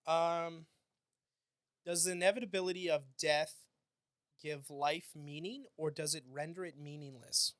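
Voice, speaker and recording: Laid-back Canadian man, fairly high voice. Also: steady tone, fairly bright tone, no echo. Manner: laid-back, laughs often, quick trailing sentences. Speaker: podcast co-host. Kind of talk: casual chat.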